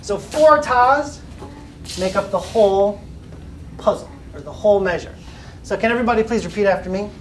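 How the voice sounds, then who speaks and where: A man's voice: high voice, moderate pace, pauses often. A man leads a children's music lesson with an upbeat, patient manner, chanting simple rhythms and inviting the class to echo them. He is picked up by a camera across an echoey classroom, sounding distant, with a faint murmur of room noise. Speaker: elementary music teacher. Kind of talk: classroom lesson with call and response.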